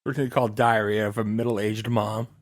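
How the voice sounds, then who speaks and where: A man's voice: fairly low pitch, little pitch movement, fast talker. A man co-hosting a podcast in casual chat, making dry, matter-of-fact jokes. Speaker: podcast co-host.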